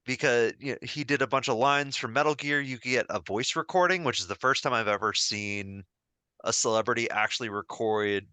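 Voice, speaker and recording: A man's voice: mid-range voice, brisk, sharp tone, no room sound. A man co-hosting a podcast, chatting casually and telling stories with enthusiasm, full of fillers and restarts. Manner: enthusiastic, rambling storyteller with many fillers. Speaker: podcast co-host.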